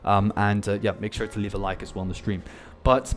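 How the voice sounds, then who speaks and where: A man's voice: on the low side, fairly even intonation, fast, faint music behind. A man hosting a live trading stream, chatting casually and addressing viewers as guys.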